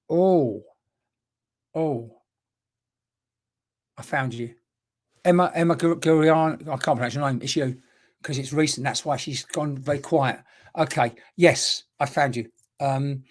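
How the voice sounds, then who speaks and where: A woman's voice: sits low, a little mellow. A woman working as a spiritual medium, giving a live-streamed reading in a chatty, repetitive way and greeting viewers by name with endearments.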